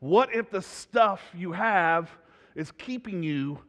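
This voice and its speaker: A man preaching a sermon as pastor, in a conversational, animated way that builds to loud emphasis. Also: high voice, slow. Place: church sanctuary. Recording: reverberant church hall.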